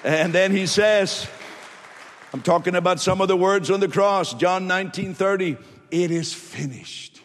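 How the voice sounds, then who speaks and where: A man's voice: fairly even intonation, moderate pace, some chatter behind. Preaching man in an echoey hall. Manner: emphatic preaching, rising loud then dropping low. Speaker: pastor. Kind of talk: sermon.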